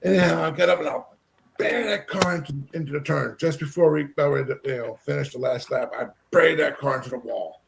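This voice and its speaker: A man from Texas telling a long story in a rambling, animated way, full of fillers. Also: on the high side, fast talker, creaky, a little hiss or hum. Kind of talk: casual storytelling.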